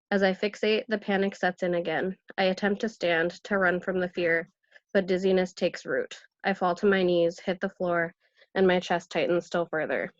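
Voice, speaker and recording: A woman with a low voice reads her own poem at an online open mic. Her delivery is quiet and measured. The audio is dry and muffled, like a home call. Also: dry recording.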